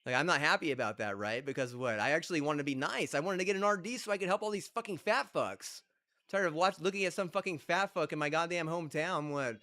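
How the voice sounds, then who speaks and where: A man's voice: a little high, fast talker, sharp tone. A man streaming a game, ranting heatedly and profanely, with repeated rhetorical questions. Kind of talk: ranting chat while gaming.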